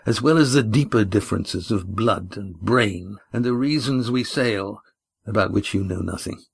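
A man voicing a stern, proud old sea captain who speaks slowly and disdainfully in an audiobook. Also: on the low side, vocal fry, husky, full character voice. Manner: slow, commanding and disdainful.

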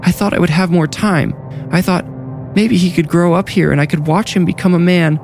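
A man voicing a desperate young nurse who sobs and pleads in a high, tearful voice. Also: steady tone, normal speed, vocal fry, darkish tone, soft background music. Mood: sobbing.

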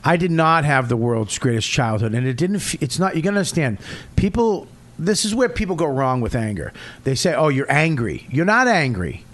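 Middle-aged comic, high-ish voice, swears freely, storytelling with blunt loud outbursts. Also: male voice, sing-song, moderate pace. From Boston area, USA. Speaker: comedian guest. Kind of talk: casual podcast chat.

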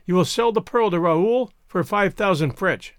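Man doing a sharp bossy wife, high and loud, storybook voice. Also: expressive, normal speed, clean tone, no room sound, clean studio sound. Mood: decisive. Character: frightened island wife, shrill and commanding.

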